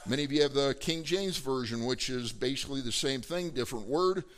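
A man's voice: medium pitch, a little fast, fairly bright tone. A man preaching a sermon, talking in a loose, conversational way with frequent fillers and rhetorical questions to the congregation. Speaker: pastor.

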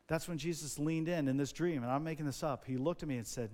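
Earnest preacher from New Jersey. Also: male voice, fairly high pitch, quick pace. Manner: earnest, personal storytelling with fillers. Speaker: pastor. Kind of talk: sermon.

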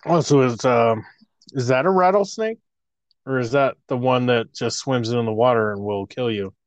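A man's voice: mid-range voice, moderate pace, dry recording, dull audio. A man co-hosting a casual podcast, playful and joking. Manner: playful, joking, laughs often. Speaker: podcast co-host. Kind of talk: casual chat.

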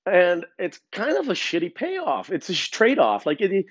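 His pitch is high and swoops wildly while he talks at normal speed, a podcast host ranting offhandedly with heavy profanity, stammered do-overs and filler. Dry, with a dull lo-fi sound.

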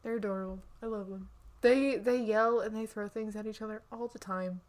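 A woman's voice: medium pitch, steady tone, a little fast. A woman co-hosting a podcast in casual book chat, gushing and chatty, often restarting her sentences. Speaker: podcast co-host.

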